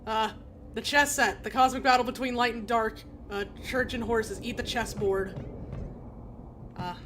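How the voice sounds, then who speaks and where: A woman's voice: on the high side, fairly even intonation, a little slow, noisy background. Giggly woman streaming a game. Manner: giggly, reads game text with casual asides. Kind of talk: game stream reading text aloud.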